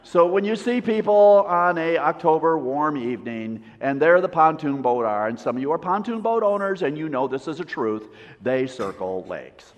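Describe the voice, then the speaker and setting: A man preaching a sermon as a pastor, telling a story with lively swings and soft, intimate drops. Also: fairly high pitch, normal speed. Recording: long reverb, dull lo-fi sound.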